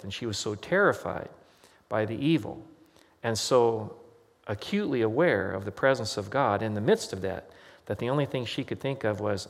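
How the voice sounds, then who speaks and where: A man's voice: lowish voice, gravelly, long reverb tail. A man, a pastor, preaching a sermon in a conversational storytelling way and quoting the people in his stories. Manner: conversational storytelling with quoted voices.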